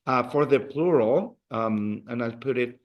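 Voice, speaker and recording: A man's voice: medium pitch, a little slow, highs cut off. A man teaching a beginners' Spanish class in a classroom, patiently repeating words for the students to echo. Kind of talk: classroom language lesson.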